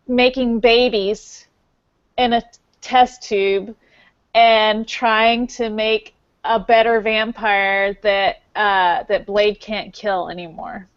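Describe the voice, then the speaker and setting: Slow, rambling woman recapping a movie. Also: mid-range voice, smooth, no echo. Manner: rambling plot summary with many fillers. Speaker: podcast co-host. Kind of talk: casual movie recap chat. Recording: dull lo-fi podcast audio.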